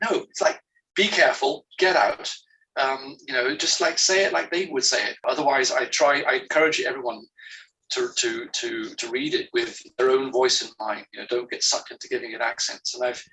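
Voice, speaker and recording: A man's voice: medium pitch, creaky, bright, forceful tone. A man interviewed as a guest author over a remote call, speaking hesitantly with many restarts and fillers. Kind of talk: conversational interview. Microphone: remote call from home. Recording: distant internet call audio.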